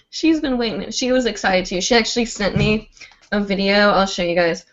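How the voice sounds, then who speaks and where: A woman talking casually on a livestream, rambling and filling pauses with "like" and "um". Her voice sits at an ordinary middle pitch. The audio is dull and lo-fi. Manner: chatty, rambling, full of "like" and "um". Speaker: host of a live hooping show.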